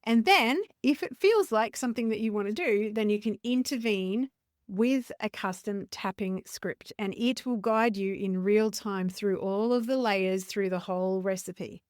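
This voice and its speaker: A woman hosting a coaching podcast in an earnest, conversational monologue. Her voice sits at an ordinary middle pitch. She sometimes stops to rephrase herself, and the recording is close and dry with no room sound. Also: a little slow, clean tone, dry recording. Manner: earnest, conversational, self-correcting. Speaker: podcast host and business coach.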